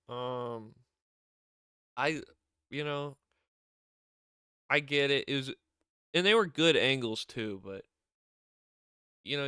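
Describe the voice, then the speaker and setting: A man's voice: medium pitch, sharp tone, clear, resonant tone, no echo, clean studio sound. A man giving a rambling, casual recap as a show reviewer, often acting out quotes. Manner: rambling, acts out wrestlers' lines in raised voice.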